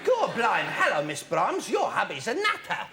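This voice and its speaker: A man's voice: very high voice, wildly swooping pitch, normal speed, creaky, sharp tone, voice pushed up, full character voice. A man playing a cheerful Greek kebab shop owner with a put-on Greek accent and broken English, from an old noisy TV recording. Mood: jolly. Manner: cheerful, mangled grammar, laughs at own jokes.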